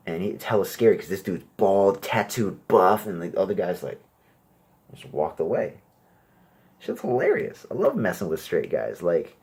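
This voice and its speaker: Brash, husky young man doing crude stand-up. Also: on the low side, sing-song, normal speed, darkish tone. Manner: crude, brash, acts out exchanges in raised voices. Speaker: amateur stand-up comedian. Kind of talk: stand-up comedy set.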